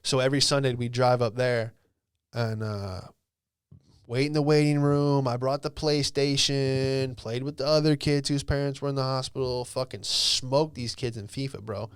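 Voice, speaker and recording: A young man hosting a podcast, telling a personal story in a rambling, profane way full of "bro" and "dude", sometimes dropping to a hush. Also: mid-range voice, fairly even intonation, moderate pace, clear, resonant tone, no room sound, studio quality. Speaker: podcast host. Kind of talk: casual storytelling monologue.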